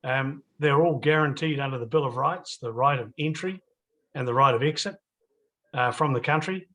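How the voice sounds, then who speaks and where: A man's voice: medium pitch, moderate pace, a bit bright. A man with a New Zealand accent hosting a casual interview outdoors by a lake, chatty and folksy with frequent fillers. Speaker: host.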